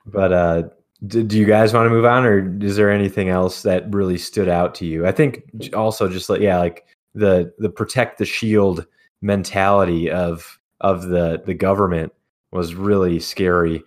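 A man's voice: deep voice, fairly even intonation, moderate pace. A man co-hosting a podcast in casual, joking chat. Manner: joking, teasing. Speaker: podcast co-host.

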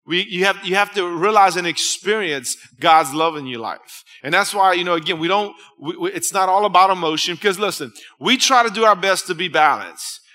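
A man's voice: high voice, brisk, hardly any pauses, pushed and bright. A man pastor preaching a sermon in a church, talking conversationally and telling stories. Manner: conversational preaching, storytelling with restarts. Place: church hall. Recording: hall reverb.

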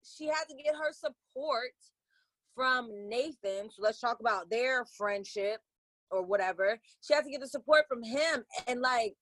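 A young woman co-hosting a podcast, chatting in a loose, slangy way and slipping into quoted voices as she goes. Her voice sits a bit high, and the recording is close and dry with no room sound at all. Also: unhurried, no room sound, poor audio. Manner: animated, slangy, acts out quotes. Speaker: podcast co-host. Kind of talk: casual chat.

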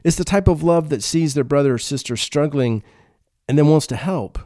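A man's voice: a little high, normal speed, mellow, no echo, studio quality. A man preaching a sermon in an earnest, conversational way, often repeating his words as he goes. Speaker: pastor.

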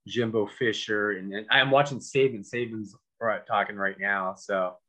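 A man co-hosting a podcast, talking sports in an animated way, full of incredulous, sarcastic asides. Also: fairly low pitch, normal speed. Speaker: podcast co-host. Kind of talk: casual sports chat.

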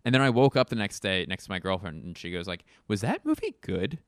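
A man's voice: low voice, quick pace, smooth, dry recording, studio quality. A young man hosting a podcast, riffing in a rambling, sardonic way and swearing casually. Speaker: podcast host. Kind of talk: casual comedic monologue.

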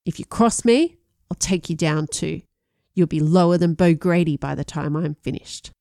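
A sneering, menacing teenage bully, as a woman reading an audiobook puts him on. He threatens in a somewhat low voice, and the recording is dry and close with no room echo. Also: moderate pace, gravelly, warm tone. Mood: furious. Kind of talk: audiobook narration.

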